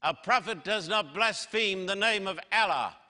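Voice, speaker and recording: Male preacher, bright slightly high voice, slow emphatic sermon delivery, long hall reverb.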